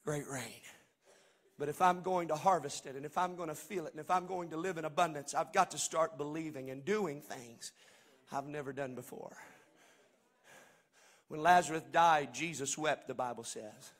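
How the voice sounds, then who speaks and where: A man preaching a sermon as pastor, swinging between shouted, sing-song passages and hushed, conversational asides. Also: a little high, moderate pace.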